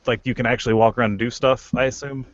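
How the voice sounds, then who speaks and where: A man's voice: mid-range voice, racing, no room sound. A man co-hosting a podcast, chatting casually and cracking jokes. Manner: joking, lively. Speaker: podcast co-host. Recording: dull lo-fi audio.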